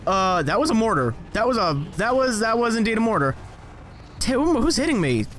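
High-voiced, rambling young man gaming. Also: brisk, a little hiss or hum. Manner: rambling, self-mocking, jumps to high excited yelps. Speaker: gaming channel host. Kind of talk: casual gameplay commentary.

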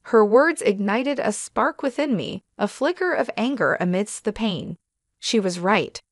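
A woman reading a scripted first-person drama as narrator, in a steady, even way. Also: mid-range voice, unhurried, no echo, clean studio sound.

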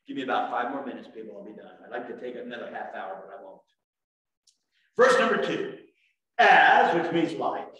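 A man preaching a sermon as pastor, animated, swinging from shouts to quiet asides. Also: medium pitch, moderate pace. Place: church sanctuary. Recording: echoey church room from far off.

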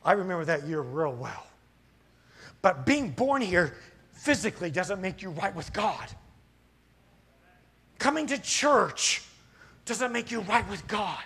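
A middle-aged pastor preaches with a husky edge and a high, lively voice that leaps around as he gets fired up. He presses the congregation with rhetorical questions from the pulpit of a church. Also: takes it slowly, long pauses. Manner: impassioned preaching that swells to loud, fired-up peaks. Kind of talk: sermon. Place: church sanctuary.

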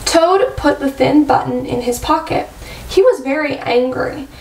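A woman teacher reads a picture book aloud to young children, slow and clear with a high voice. Her voice echoes around the room, picked up from a mic some distance away. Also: animated, darkish tone, slight background noise. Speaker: first grade teacher.

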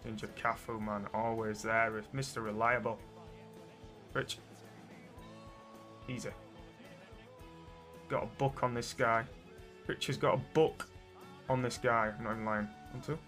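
A young man commentating his own football video game match, muttering to his players and then yelling at them. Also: medium pitch, level tone, normal speed, pauses often, faint music behind. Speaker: gaming streamer. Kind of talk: excitable gameplay commentary.

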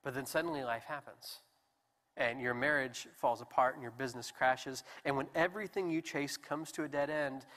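A young adult male pastor giving an animated, conversational sermon. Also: mid-range voice, normal speed, long reverb tail. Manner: animated, conversational preaching with restarts. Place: church sanctuary.

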